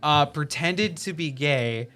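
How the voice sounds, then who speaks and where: A man's voice: fairly high pitch, slow, sharp tone, faint music behind. A young man from Minnesota, talking casually and hesitantly with many fillers as he tells a story. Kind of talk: casual chat.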